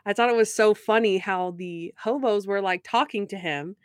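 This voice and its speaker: A woman in casual chat, recapping a TV episode with lively retellings of scenes. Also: medium pitch, moderate pace, clean tone, no room sound, clean studio sound. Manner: animated retelling with quoted voices.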